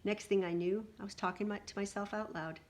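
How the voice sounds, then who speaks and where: A woman reading a picture book aloud in an animated way, adding little asides to her listeners. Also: medium pitch, fairly quick.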